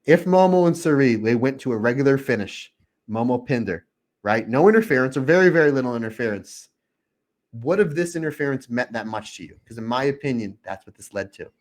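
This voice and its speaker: A man co-hosting a podcast in casual chat, talking excitedly and acting out his own reactions with open emotion. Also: mid-range voice, a little fast. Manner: openly emotional. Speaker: podcast co-host.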